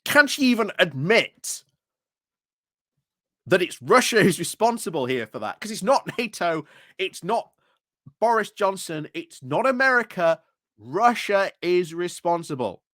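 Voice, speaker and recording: A man's voice: high-pitched, very animated, unhurried, bright, forceful tone, no echo, studio quality. A man giving indignant reaction commentary on a political speech, repeating rhetorical questions and stumbling over his words.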